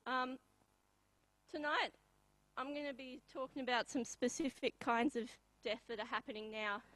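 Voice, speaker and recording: A young Australian woman performing a live comedy bit, deadpan and halting, with many pauses and ums. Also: high-pitched, no echo, poor audio.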